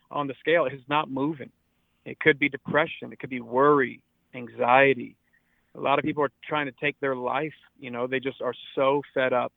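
A man's voice: mid-range voice, creaky, dry recording. A pastor in his forties speaking in an earnest, preaching way during a radio interview, often repeating words as he drives a point home. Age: 40s. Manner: earnest, exhortative, repeats words when stressing. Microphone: phone line. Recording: tinny dry phone line.

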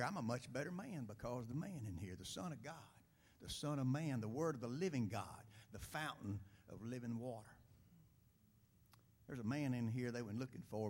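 A man dramatically reciting a poem in church, swinging from loud declarations to hushed whispers. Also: mid-range voice, breathy edge.

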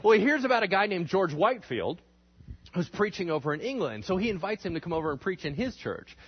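This history teacher lectures energetically, quizzing the class and acting out quotations with over-the-top voices. He talks fast in a high voice with a breathy edge, and the audio's highs are cut off.

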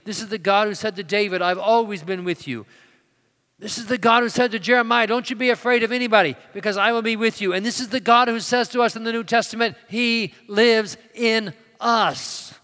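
A man delivering a sermon in a large church sanctuary, his voice bright and fairly high. He swings from loud, emphatic declarations down to quiet storytelling, and a long reverb trails after his words. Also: steady tone, fast. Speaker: preacher.

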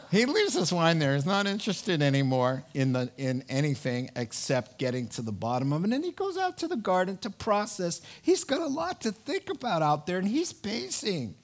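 A man preaching a sermon, telling a Bible story with animated energy and acting out the characters' lines. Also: sits high, normal speed. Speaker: pastor.

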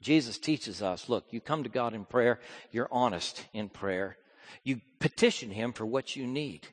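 A male preacher delivering a sermon, swinging from hushed, slow lines to loud, fervent ones. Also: mid-range voice, expressive.

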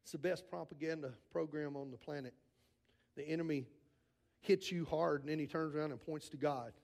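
A man preaching a sermon in an earnest style, moving between raised, urgent lines and hushed, quiet ones, and often repeating words when he presses a point. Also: a little high, steady tone, a little fast, gravelly. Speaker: pastor.

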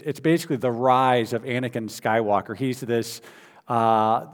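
Man preaching in a reverberant hall. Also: mid-range voice. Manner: conversational storytelling with frequent fillers and restarts. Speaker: pastor. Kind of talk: sermon.

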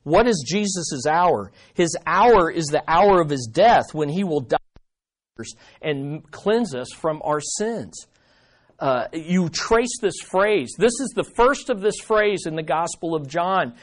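Man, pastor, sermon, high-pitched voice, animated, conversational asides, rhetorical questions. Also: slow pace. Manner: animated, shifting between loud emphasis and quiet earnest asides.

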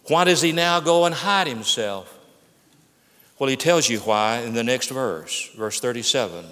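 A man's voice: medium pitch, fairly bright tone, long reverb tail. A man preaching a sermon, reading scripture aloud and earnestly explaining it to the congregation. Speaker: pastor.

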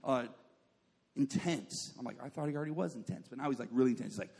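A man's voice: mid-range voice, fast talker, vocal fry, husky, big-room sound. A young adult man preaching a sermon, telling a funny story and putting on the voices of people in it. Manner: animated, jokey, acts out voices of people in his stories.

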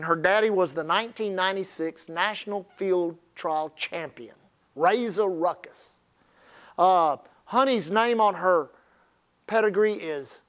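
A man preaching a sermon, telling folksy, humorous stories. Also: high voice. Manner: folksy, humorous, animated storyteller. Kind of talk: sermon with storytelling.

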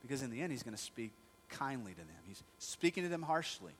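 A man's voice: medium pitch, sing-song, quick pace, husky. A male pastor preaching a sermon in a conversational storytelling manner, asking the congregation rhetorical questions.

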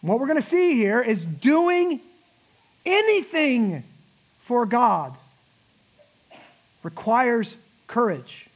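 A pastor preaching a sermon, emphatic, with laughing asides and slowed-down key words. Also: male voice, very high-pitched, big pitch swings, dull audio.

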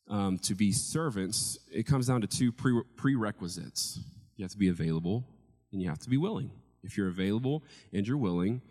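A man's voice: lowish voice, a little mellow. A man preaching a conversational sermon, telling a parable and repeating key phrases for emphasis. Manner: tells a parable, quoting each figure in his own voice.

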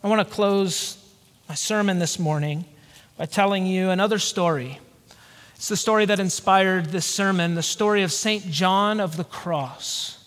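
Man, pastor, sermon, earnest and reflective, slow pauses, from the American South, long hall reverb. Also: sits high, a bit bright. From Georgia, USA.

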